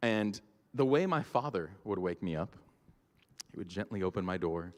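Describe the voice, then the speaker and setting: A man's voice: low voice, expressive, normal speed, a little mellow. Man preaching in a reverberant hall. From Georgia, US. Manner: casual, storytelling, filler-heavy. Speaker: pastor. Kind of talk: sermon. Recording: long church-hall reverb.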